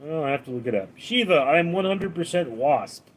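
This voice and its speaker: A man's voice: on the high side, lively intonation, normal speed, slight background noise. A man hosting a casual live stream, reading viewers' names and questions aloud and answering them in a dry, offhand way.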